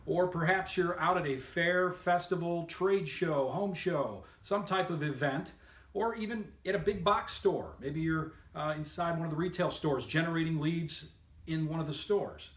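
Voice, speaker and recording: A man's voice: on the high side, fairly bright tone, reverberant. A man giving an upbeat, emphatic sales training lesson, coaching listeners on method. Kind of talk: instructional talk to camera.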